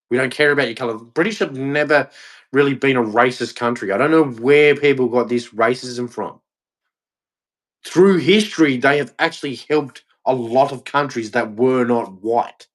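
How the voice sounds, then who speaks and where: An Australian man delivering a heated, blunt opinion rant, repeating himself and swearing. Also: medium pitch. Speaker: vlogger.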